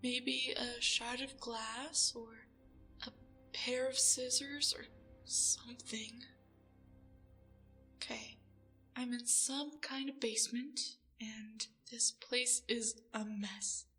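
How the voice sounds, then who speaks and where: A woman's voice: a little high, fairly even intonation, slow, fairly bright tone, soft background music. A woman playing a frightened young woman held captive in an audio drama, talking in whispery, breathless bursts and stammering when scared. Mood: tense, frightened. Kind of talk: audio drama role-play.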